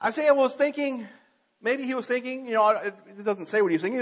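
Male preacher reading and expounding scripture, husky high voice, dull lo-fi recording. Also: a little fast, in a large hall. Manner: earnest, reading aloud with small slips and restarts.

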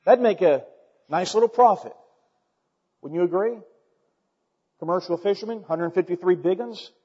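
A man preaching a sermon, emphatic and building to loud, repeated questions. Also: sits high, normal speed, husky. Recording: dull long hall reverb.

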